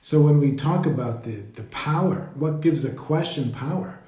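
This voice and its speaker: A man leading a live meditation talk, speaking slowly and reflectively and greeting viewers as they join. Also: fairly high pitch, warm tone. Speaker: meditation teacher. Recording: roomy echo.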